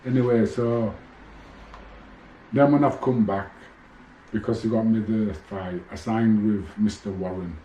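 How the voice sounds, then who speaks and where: Guy in his 50s, low dark voice, swears a lot, rambling boxing stories, roomy echo. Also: fairly even intonation, measured pace, pauses often, dull audio, a little hiss or hum. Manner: blunt, swears freely, rambling storytelling. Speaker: former boxer telling his story. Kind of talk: casual monologue to camera. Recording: echoey room.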